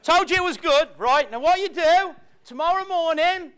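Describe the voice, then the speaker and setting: A man's voice: very high-pitched, normal speed, fairly bright tone. A man giving a motivational talk to a live audience in an event room, playful and acting out the people he quotes. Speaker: motivational speaker.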